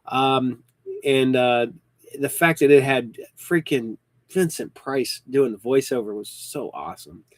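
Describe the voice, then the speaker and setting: A man's voice: mid-range voice, a little slow, no room sound. A man in his early fifties hosting a podcast, chatting casually and rambling with frequent ums and restarts, hiccuping now and then. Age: 50s. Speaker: podcast host. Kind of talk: casual chat.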